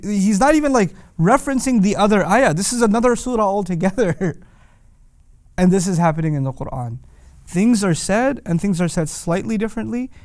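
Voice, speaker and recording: A man teaching a scripture lesson with a somewhat high voice, recorded close and dry with no room sound. He talks emphatically, piling up rhetorical questions and breaking into quoted Arabic verses. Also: a little mellow, dry recording. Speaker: Quran teacher. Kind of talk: lecture.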